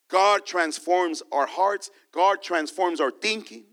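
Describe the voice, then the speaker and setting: A man's voice: high-pitched, takes it slowly, hardly any pauses, a bit bright. A man preaching a sermon as pastor, calling out to the church and reading scripture with emphasis. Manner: preaching with call-and-response to the church.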